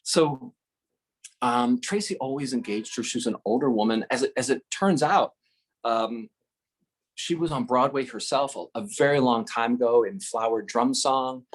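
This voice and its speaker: Husky man telling a rambling story. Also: mid-range voice. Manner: rambling, halting, self-deprecating, with many fillers and restarts. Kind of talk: casual storytelling.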